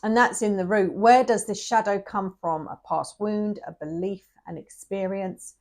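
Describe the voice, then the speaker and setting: A woman's voice: mid-range voice, steady tone, moderate pace, a little mellow. A woman giving a tarot reading to the camera, close to tears and speaking straight to the viewer, sometimes dropping to a whisper. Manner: emotional, addresses viewer directly, often drops to a whisper. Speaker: tarot reader.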